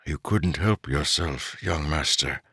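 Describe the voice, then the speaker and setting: A man voicing a quiet, loyal male servant who speaks softly, slowly and with measured solemnity. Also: a bass voice, breathy edge, no echo, clean studio sound, full character voice. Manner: soft, slow and measured.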